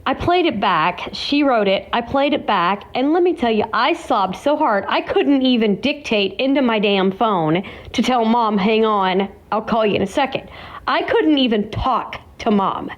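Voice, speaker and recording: A woman's voice: fairly high pitch, expressive, measured pace, few pauses. A woman hosting her own vlog, tearful and emotional, talking in a rambling way full of restarts and exclamations. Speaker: vlogger and host. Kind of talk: casual emotional vlog chat. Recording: dull lo-fi recording.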